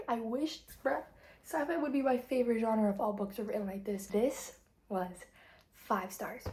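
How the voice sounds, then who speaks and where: A teenage girl on a casual vlog, gushing and excitable, full of "like", sometimes dropping to a whisper. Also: a little high, fairly quick. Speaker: book vlogger. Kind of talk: casual chat.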